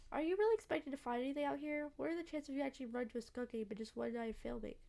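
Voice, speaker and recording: A woman's voice: high voice, rapid-fire, gravelly, mellow. A woman reading the lines of a cheerful young woman who hunts cryptids on camera, chatty and breezy.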